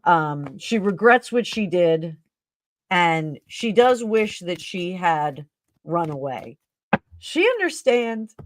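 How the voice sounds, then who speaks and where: A woman's voice: on the low side, animated, takes it slowly. A woman hosting a live stream tarot reading who talks in an emotional, effusive way. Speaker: tarot reader and stream host.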